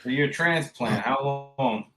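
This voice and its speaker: A man's voice: medium pitch, unhurried. A man co-hosting a podcast, speaking casually and asking direct questions. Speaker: podcast co-host.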